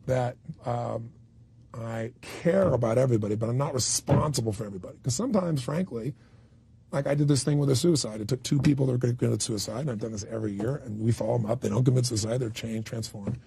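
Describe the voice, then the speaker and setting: A man's voice: quick pace, mellow. A man speaking as a motivational speaker in a candid interview, telling stories bluntly and emphatically. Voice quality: deep gravelly raspy voice. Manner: blunt, emphatic storyteller with occasional swearing.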